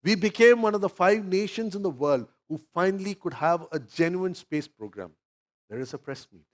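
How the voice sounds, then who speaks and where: Male Indian pastor, sermon storyteller, higher voice with wide, lively pitch swings. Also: normal speed. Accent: Indian English. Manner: storytelling, addressing the congregation directly.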